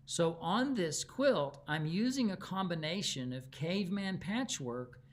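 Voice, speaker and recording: A man's voice: sits high, animated, unhurried. A man with a Texan accent giving a live online quilting lesson, chatty and folksy as he tells stories between demonstrations. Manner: chatty, folksy storyteller with easy laughs. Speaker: quilting teacher.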